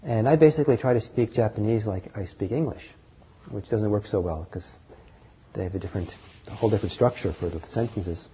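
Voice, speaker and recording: A man teaching meditation to a live group, talking in a halting way with fillers, restarts and soft chuckles. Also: lowish voice, slight background noise. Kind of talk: dharma talk to a group. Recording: dull lo-fi talk recording.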